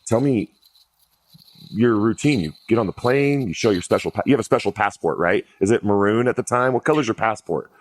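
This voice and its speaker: A man's voice: fairly low pitch, animated, brisk. A man hosting a podcast, asking direct questions in a casual, chatty way. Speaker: podcast host. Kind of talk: conversational interview.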